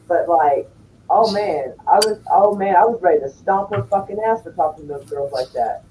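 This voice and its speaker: A woman's voice: lowish voice, lively intonation, normal speed, dark tone, distant mic, a little hiss or hum, poor audio. A woman telling a story in casual chat, blunt and full of swearing. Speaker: streamer chatting with viewers.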